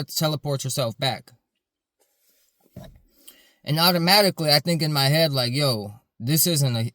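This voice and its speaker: A man's voice: mid-range voice, fairly bright tone, no room sound, clean studio sound. A man, a security supervisor, earnestly telling a story in a casual, rambling way, full of fillers.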